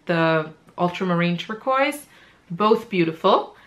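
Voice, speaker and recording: A woman's voice: fairly low pitch, animated, measured pace, lo-fi sound. Chatty woman gushing over paints. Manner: enthusiastic, repeats praise, frequent ums. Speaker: art supply reviewer. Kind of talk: laid-back chatty product talk.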